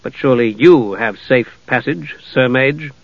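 A man voicing a stern, proud male knight who speaks slowly and gravely, in a storybook reading. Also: medium pitch, no echo, muffled recording. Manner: slow, measured, grave.

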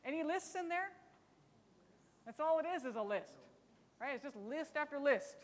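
A woman leads a Bible study class, talking in a chatty, teasing way and tossing out rhetorical questions. Her voice sits a little high. It rings out with the long reverb of a big hall. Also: lively intonation, normal speed.

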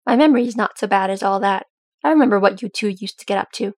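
A woman's voice: medium pitch, fast talker, darkish tone, dry recording, studio quality, natural voice. A woman voicing a prim, bossy old dwarf grandmother who scolds her grandsons. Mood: scolding.

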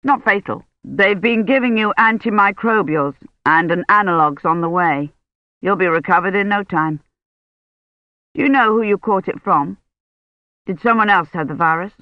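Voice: medium pitch, normal speed, no echo, dull audio, lightly acted. A reader voicing a worried older man who questions anxiously and reassures a patient.

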